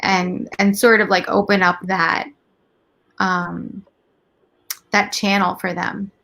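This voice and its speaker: Woman guest, mid-pitched and gravelly, emotional, reflective, halting restarts. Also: level tone, sharp tone. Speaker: interview guest. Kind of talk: candid couch conversation.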